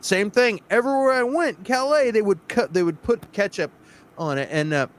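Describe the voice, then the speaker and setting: A man with a high-pitched voice spins a self-deprecating anecdote on a live chat show. He talks loosely, with restarts and acted quotes, and laughs at himself along the way. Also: expressive, normal speed. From Texas. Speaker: co-host. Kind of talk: casual chat, storytelling.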